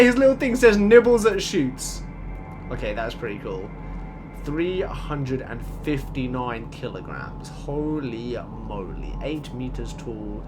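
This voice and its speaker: A young man giving excitable let's play commentary, gushing and laughing often as he plays. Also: mid-range voice. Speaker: gaming channel host.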